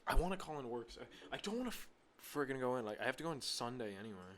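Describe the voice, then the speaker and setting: A man's voice: mid-range voice, sing-song, rapid-fire, a bit bright, a little hiss or hum. A young man co-hosting a casual podcast, rambling and jokey as he tells stories. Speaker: podcast co-host. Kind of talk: casual chat.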